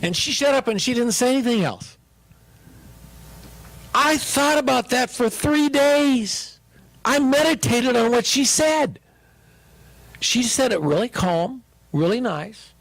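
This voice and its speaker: Gravelly preaching man, dry sound. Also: high voice, no echo. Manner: humorous, conversational preaching. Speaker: pastor. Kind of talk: sermon with personal story.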